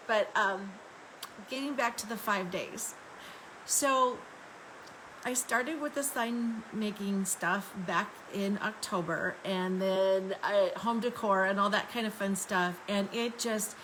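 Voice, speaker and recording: A woman's voice: mid-range voice, a bit bright, a little hiss or hum, low-quality recording. A woman chatting casually on a live stream, upbeat and friendly, greeting viewers by name and laughing often as she shows off her home craft room. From Arizona, United States.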